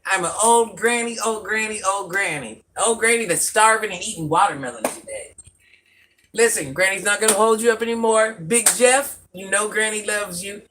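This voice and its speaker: A woman's voice: mid-range voice, fairly bright tone, a little hiss or hum. A woman in her forties hosting a live stream, affectionately repeating herself and calling herself Granny as she chats with viewers. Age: 40s. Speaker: livestream host.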